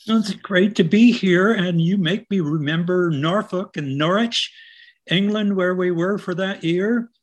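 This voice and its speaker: An older American man from Iowa, a poet and writer, recalling his past in an unhurried, reflective interview style. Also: sits high. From Iowa, United States. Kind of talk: reflective conversational storytelling.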